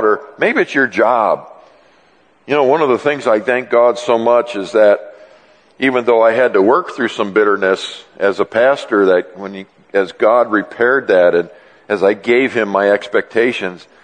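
A male pastor preaching a sermon in an animated, joking way, often acting out dialogue. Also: medium pitch. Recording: long reverb in a large hall.

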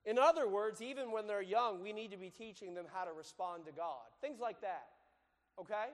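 A male pastor with a strikingly high voice preaches an earnest sermon. He reads scripture in a measured cadence and then explains it plainly. His words ring out in a church with a long, lingering reverb.

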